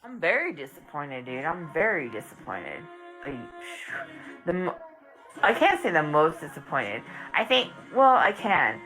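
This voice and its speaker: Animated, bright-voiced woman chatting. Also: low-pitched, unhurried, faint music behind, low-quality recording. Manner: animated, emphatic, says "dude" and "like". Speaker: live stream host. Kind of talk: casual chat.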